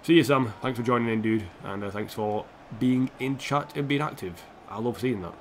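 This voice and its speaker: A man commentates loosely on his football game, reacting to each chance and chatting with his viewers between plays. His voice sits at an ordinary middle pitch. Faint room noise hums under his home-stream sound. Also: moderate pace. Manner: chatty, self-mocking, reacts to the match and answers chat. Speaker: streamer playing a football career mode. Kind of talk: casual live-stream commentary.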